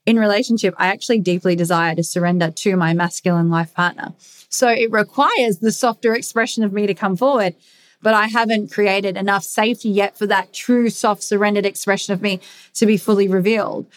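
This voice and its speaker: A woman's voice: medium pitch, fairly even intonation, fairly quick. Aussie woman doing a solo podcast, emphatic, keeps repeating her main point, casual swearing. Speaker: podcast host. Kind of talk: candid solo podcast monologue.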